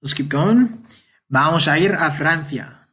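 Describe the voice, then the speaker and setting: A man teaching a beginner Spanish lesson from slides, patiently repeating each example with many pauses. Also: on the high side, expressive, pushed and bright, slightly rough. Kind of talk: online language lesson explaining slides.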